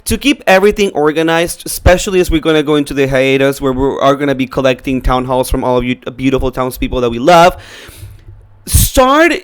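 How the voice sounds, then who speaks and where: A man's voice: mid-range voice, fairly even intonation, quick pace, hardly any pauses, clear, resonant tone. A man co-hosting a podcast, chatting casually in a playful, teasing way and laughing often. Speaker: podcast co-host. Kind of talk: casual chat.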